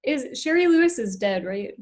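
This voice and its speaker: A woman's voice: sits high, animated, moderate pace, darkish tone. A woman hosting a podcast, speaking hesitantly with many fillers while learning a skill. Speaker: podcast host.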